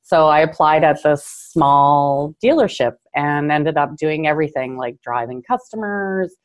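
Middle-aged woman from Canada, low voice, earnest guest telling her story, filler-heavy, gets choked up. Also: unhurried. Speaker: guest, car dealership owner. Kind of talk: interview storytelling.

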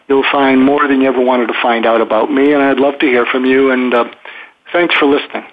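A man's voice: medium pitch, steady tone, fairly quick. Older man on a tinny phone line. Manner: rambling, with frequent "uh" fillers and restarts. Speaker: psychiatrist guest. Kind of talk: casual explanatory interview talk.

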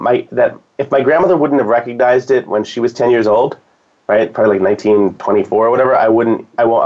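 A man's voice: medium pitch, darkish tone. A man talking casually as a guest, rambling with restarts and fillers. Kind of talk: casual conversation. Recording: dull lo-fi sound.

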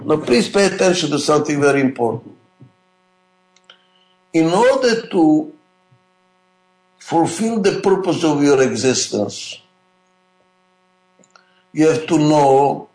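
A man's voice: fairly high pitch, animated, slow, long pauses, a little mellow, roomy sound, rough recording. A man giving a management lecture, emphatic and repetitive, often asking rhetorical questions. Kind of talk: classroom lecture.

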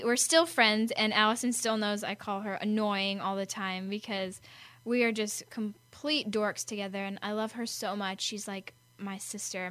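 A teenage girl from Arizona hosting a radio show, telling stories in a bubbly, animated way. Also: mid-range voice, no echo. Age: teens. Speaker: host. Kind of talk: casual radio chat.

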